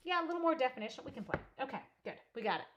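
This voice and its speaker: A woman's voice: high voice, sing-song, very fast, dull audio, noisy background. A middle-aged woman from Canada hosting a live crafting class, chatting with viewers and talking herself through each step with a giggle. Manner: chatty, talks to herself while working, giggly.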